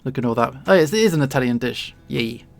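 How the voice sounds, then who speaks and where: Gravelly London-accented streamer chatting. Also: mid-range voice, lively intonation, fast talker, faint music behind. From England. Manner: chatty, rambling, self-deprecating, laughs often. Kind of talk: casual chat while drawing. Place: home streaming setup.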